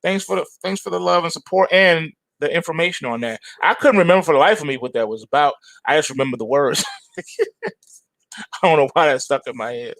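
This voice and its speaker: A trading show host gives end-of-day market commentary in loose, animated slang, treating the charts like people. His voice sits fairly high, and the sound is dry and close. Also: fairly quick, gravelly, no room sound.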